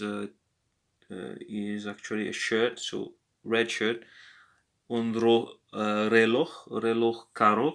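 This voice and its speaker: A man tutoring a language lesson, talking slowly and hesitantly with many filler pauses. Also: lowish voice, vocal fry, fairly bright tone. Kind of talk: screen-recorded app language lesson.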